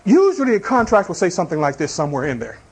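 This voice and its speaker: A man's voice: high-pitched, sing-song, racing, slightly rough. A man preaching a sermon as a pastor, asking the congregation rhetorical questions and calling out for amens. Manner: tells everyday illustrations.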